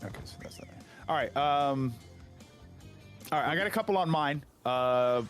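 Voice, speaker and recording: A man's voice: medium pitch, moderate pace, soft background music. A man hosting a casual charity livestream, chatting with friends and reading out donations. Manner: animated, reads out donations. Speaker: charity stream host.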